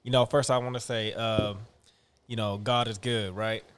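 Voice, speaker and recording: A man's voice: fairly low pitch, flat delivery, moderate pace, clear, resonant tone. A young man as a podcast guest, easygoing and slangy, laughing often. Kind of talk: casual podcast chat.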